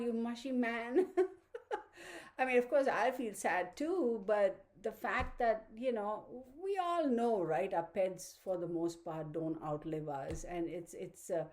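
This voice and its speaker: A woman's voice: a little high, darkish tone. A woman hosting a tarot channel who chats casually with viewers, laughs often and baby-talks to her dog. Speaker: tarot reader, channel host.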